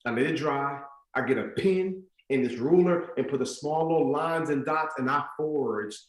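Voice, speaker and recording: Guy giving a keynote, chatty storytelling, kinda high voice, big echoey stadium. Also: normal speed. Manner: animated, conversational storytelling with lots of "like" and "you know what I'm saying". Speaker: motivational speaker. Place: stadium event for school staff.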